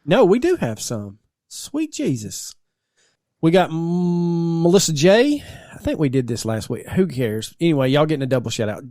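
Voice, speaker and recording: Male co-host, animated pitch, dry close sound, joking drawl. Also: no room sound. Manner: joking, drawling Southern talk. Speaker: podcast co-host. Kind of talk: casual banter.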